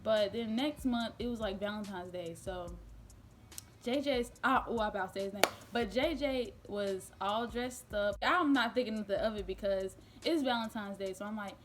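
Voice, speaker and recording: A young adult woman vlogger telling a casual storytime, chatty and animated, with lots of fillers and easy laughs. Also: medium pitch, normal speed, a little hiss or hum. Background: faint background music.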